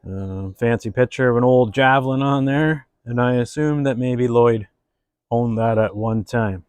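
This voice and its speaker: A man hosts a laid-back beer review and tells a joke. He talks at a middling pitch with an easy, halting delivery full of fillers. His voice is dry and close to the mic. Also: darkish tone, smooth, no room sound. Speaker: host.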